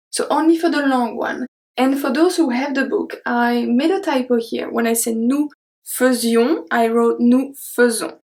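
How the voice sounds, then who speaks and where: A woman teaching pronunciation, repeating each word slowly and carefully as a model. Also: fairly high pitch, darkish tone. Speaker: French teacher. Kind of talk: pronunciation lesson.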